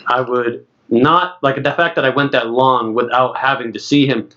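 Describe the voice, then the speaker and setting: A man's voice: medium pitch, fairly even intonation, normal speed, sharp tone. A man in his late thirties co-hosting a casual podcast, telling stories and acting out other people's lines. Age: late 30s. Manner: chatty storyteller, acts out other people's lines. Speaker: podcast co-host. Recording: dull lo-fi sound.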